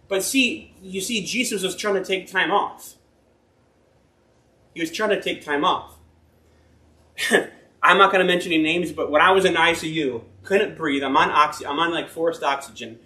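In an echoing church hall, a man with a notably high voice gives an informal sermon, reading scripture before drifting into personal stories. Folksy, earnest and rambling, he often corrects himself, speaking at a moderate pace with frequent pauses in a bright, forceful tone.

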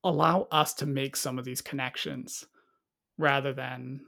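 A man's voice: medium pitch, steady tone, a little slow, creaky, bright, forceful tone. A man chatting casually about a movie, rambling and cutting himself off, acting out lines in quotes. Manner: rambling, self-interrupting, acts out quotes. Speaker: movie reviewer. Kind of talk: casual podcast chat.

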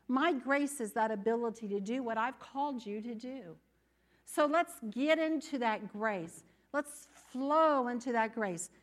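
A woman preaching a sermon in a church, animated and conversational, often acting out the doubts of her listeners. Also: fairly high pitch, moderate pace. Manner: animated, acts out inner voices.

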